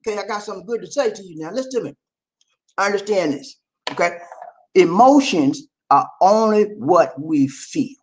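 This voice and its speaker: A man delivers motivational relationship advice straight to his audience. His voice is animated, with a wide, lively pitch range, and his manner is preachy and insistent, with frequent check-ins. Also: moderate pace. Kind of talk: motivational advice talk to viewers.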